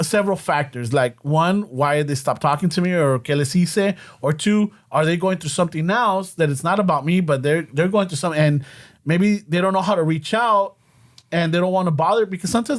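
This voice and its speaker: High-voiced man mixing Spanish into chat. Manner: profane, mixes Spanish into English. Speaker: podcaster. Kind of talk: casual chat.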